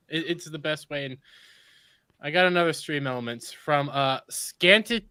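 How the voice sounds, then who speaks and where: A man hosting a podcast in casual chat, joking and rambling through quick asides. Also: a little high, pushed and bright, clean tone, no room sound. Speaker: podcast host.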